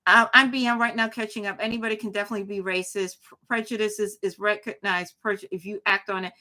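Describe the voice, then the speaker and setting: A woman's voice: medium pitch, fairly even intonation, fast talker, pushed and bright. A woman hosting a live commentary show, talking emphatically with frequent restarts and replies to chat. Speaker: show host.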